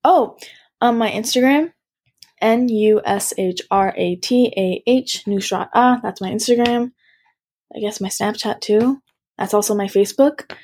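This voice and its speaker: A woman's voice: mid-range voice, measured pace, darkish tone, slightly rough. Frank, emphatic teenage girl. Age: teens. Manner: frank, emphatic, filler-heavy. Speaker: interview guest. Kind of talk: casual interview talk.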